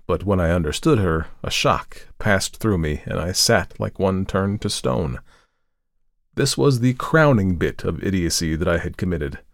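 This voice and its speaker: A man hosting a podcast reads a story aloud as dramatic audiobook narration, raising his voice for quoted dialogue and slowing for tense moments. His voice is low-pitched, and the recording is dry and studio quality.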